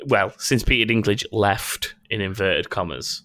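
A man's voice: fairly low pitch, measured pace, pushed and bright, dry recording. A man hosting a casual gaming news chat, rambling with many ums and restarts. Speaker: podcast host.

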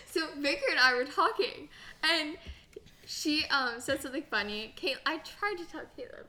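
A woman's voice: high voice, animated, moderate pace, pushed and bright. A young American woman co-hosting a casual podcast, giggly and rambling, full of "like" and tangents. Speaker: podcast co-host. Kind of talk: casual chat.

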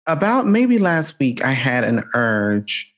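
A man's voice: mid-range voice, very animated, slow, a bit bright. A man hosting a podcast, chatty and emphatic, mixing French greetings into his English. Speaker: podcast host. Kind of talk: casual podcast chat.

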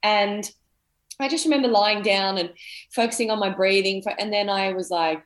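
A woman's voice: medium pitch, normal speed, reverberant. Rambling chatty woman. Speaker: podcast guest. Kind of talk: casual chat.

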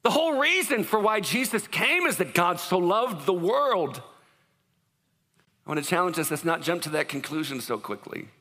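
A man's voice: high voice, expressive, normal speed, pushed and bright. A man preaching a sermon in a conversational, joking way. He often puts questions to the congregation. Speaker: pastor. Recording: long reverb of a large hall.

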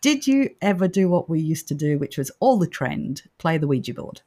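A woman's voice: deep voice, sing-song, normal speed, warm tone, breathy edge. A middle-aged woman hosting a podcast, asking questions in a chatty, teasing way. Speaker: podcast host, ghost tour operator. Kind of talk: casual podcast interview.

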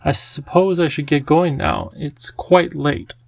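A man voicing a charming, theatrical male cat with a genteel, drawn-out, fussy way of talking. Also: fairly high pitch, steady tone, gravelly, no room sound. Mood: playful, affectionate.

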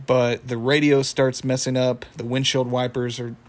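A man's voice: mid-range voice, level tone, normal speed. A young man casually recapping a cartoon episode, rambling and correcting himself, chuckling as he goes. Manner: rambling, self-correcting, chuckles, acts out quotes. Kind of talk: casual retelling with impressions.

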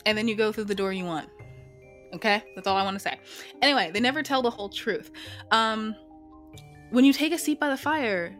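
A woman's voice: on the high side, a bit bright. A woman playing a solo tabletop role-playing game, narrating and chatting in a casual, profane, self-interrupting way.

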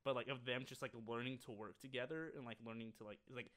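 A young man co-hosting a laid-back podcast, talking in loose rambling runs packed with fillers. His voice sits at an ordinary middle pitch for a man, and he breaks into quick laughs as he goes. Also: a bit bright. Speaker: podcast co-host. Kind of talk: casual chat.

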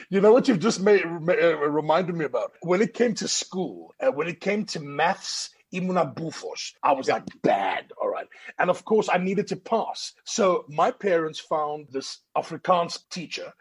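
Animated South African man telling stories. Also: fairly high pitch, measured pace, husky. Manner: animated anecdotes, acts out quoted voices. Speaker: guest. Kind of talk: storytelling on a talk show.

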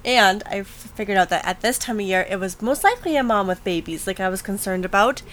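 A woman's voice: medium pitch, lively intonation, fast talker, a bit bright, slight background noise. A woman co-hosting a podcast in casual chat, talkative and teasing. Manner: chatty, teasing. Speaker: podcast co-host.

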